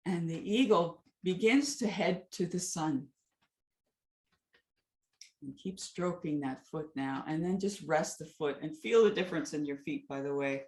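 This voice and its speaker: A woman teaching a gentle foot exercise, weaving a story into soothing, calm instructions. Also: low voice, a little slow, roomy sound. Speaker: movement teacher.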